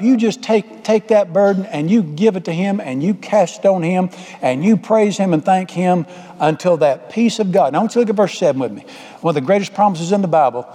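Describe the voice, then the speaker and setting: Fast-talking preacher, hall echo. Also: male voice, sits high, expressive, mellow. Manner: folksy, humorous, drawling storyteller. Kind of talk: folksy storytelling sermon. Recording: echoey hall.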